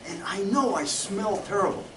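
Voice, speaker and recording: A scruffy homeless man, pleading and incredulous, as an older lecturer puts him on mid-joke. The voice comes from a distance across a roomy, echoing space. A steady hum of room noise sits underneath. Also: high-pitched, normal speed, voice pushed up.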